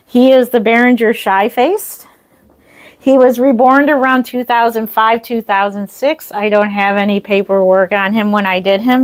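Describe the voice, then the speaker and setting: A middle-aged woman chatting casually on a livestream from her home, rambling with restarts and small laughs. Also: a little high. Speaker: reborn doll artist hosting a livestream. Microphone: phone or camera mic, walks away at times.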